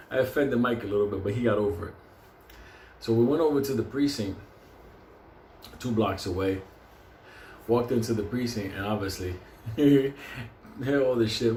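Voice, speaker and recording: Middle-aged NY male raconteur, profane and giggly, mid-pitch, roomy echo. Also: darkish tone, a little hiss or hum. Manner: profane, laughing often mid-sentence. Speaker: storyteller. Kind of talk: casual anecdote. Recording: roomy echo with faint ambience.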